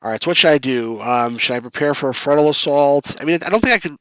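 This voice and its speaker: A man's voice: a little high, animated, fast talker, fairly bright tone, smooth, no room sound. Chatty man streaming a retro game. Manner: chatty, reads chat aloud, jokes at his own losses. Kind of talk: casual live-stream commentary.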